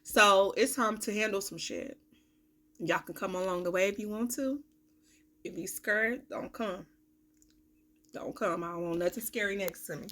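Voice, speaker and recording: A young woman, venting bluntly and with profanity in a candid vlog, her voice swinging from loud to a low mutter, with a cough now and then. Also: moderate pace. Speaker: vlogger, self-styled life coach. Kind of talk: candid talking-to-camera vlog.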